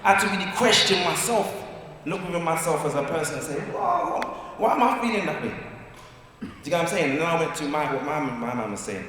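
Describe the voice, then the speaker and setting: A man speaking at a community forum, telling stories in lively slang and often asking if people follow him. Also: on the high side, fairly quick, a little hiss or hum. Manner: lively, storytelling, slangy, asks "you get me?". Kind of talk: animated community discussion. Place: large community hall. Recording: echoey hall, distant mic.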